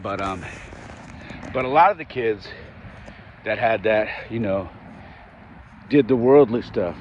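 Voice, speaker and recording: A man's voice: on the low side, darkish tone. A man in his forties hosting a podcast, casually retelling a conversation and acting out both sides of it. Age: 40s. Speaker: podcast host. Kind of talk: casual storytelling. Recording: dull lo-fi audio with faint background noise.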